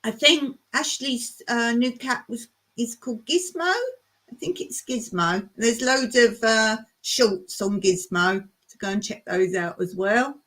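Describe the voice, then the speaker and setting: A woman's voice: on the high side, a little slow, a bit bright. A woman hosting a casual live chat, reading viewer comments aloud and laughing often as she talks. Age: older. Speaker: live stream host.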